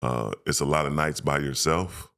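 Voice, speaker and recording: A man, a former pro basketball player, telling emotional, animated stories as a podcast guest and acting out quoted voices. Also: rumbling low, moderate pace, gravelly. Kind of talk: casual storytelling interview.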